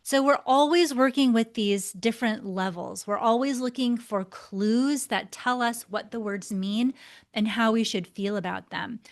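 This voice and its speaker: Slow-paced expressive woman teaching. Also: a little high. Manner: expressive, varies tone and pace for emphasis; gestures deliberately while talking. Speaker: body language instructor. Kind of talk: scripted lesson to camera.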